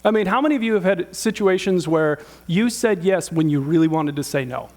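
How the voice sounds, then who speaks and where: Pastor in his fifties: higher-than-usual male voice, storytelling sermon, rhetorical questions to the room. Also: animated, brisk, darkish tone. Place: church hall with audience.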